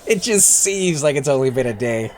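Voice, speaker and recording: Male gaming host, laid-back joker, mid-pitched, desk mic, faint hiss. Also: lively intonation, brisk, darkish tone. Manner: laid-back, joking, musing aloud. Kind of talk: casual chat while playing a game. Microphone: desk microphone.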